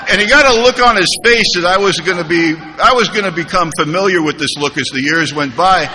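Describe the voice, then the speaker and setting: Man, bright ringing tone, slightly high voice, funny storyteller sharing his recovery story from a stage mic, hall reverb, faint room hiss. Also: fairly quick. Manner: humorous, animated storytelling with quoted dialogue. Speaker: recovery meeting speaker. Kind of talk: personal story told to a live audience. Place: large conference hall. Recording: live hall recording with reverb.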